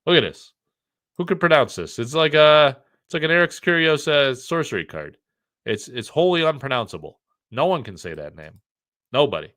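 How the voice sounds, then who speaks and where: A man's voice: on the high side, animated, moderate pace, a bit bright. A middle-aged man from the United States hosting a casual live stream, joking, rambling and reading the chat aloud.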